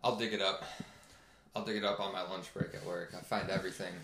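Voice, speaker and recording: A podcast host leads a relaxed conversation, tossing in quick reactions and steering to new topics. His voice sits a little low, and the room adds a clear echo. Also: a little hiss or hum. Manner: easygoing, short interjections. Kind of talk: casual interview chat.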